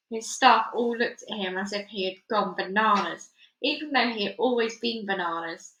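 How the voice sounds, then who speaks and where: A woman reading a children's novel aloud, lively and expressive, acting out the sound effects. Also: mid-range voice, normal speed, reverberant, rough recording. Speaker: reader. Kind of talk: children's book read-aloud.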